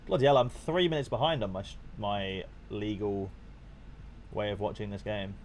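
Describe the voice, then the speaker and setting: A young man with a fairly low voice, chatting casually to his live-stream audience as he watches football. He talks loosely and gets excitable, swearing freely along the way. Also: normal speed, a little hiss or hum.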